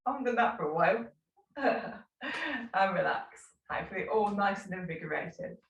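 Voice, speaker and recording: A woman teaching a live tai chi class, calmly cueing slow movements with unhurried asides. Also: medium pitch, lo-fi sound, a little hiss or hum. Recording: echoey room, mic at a distance.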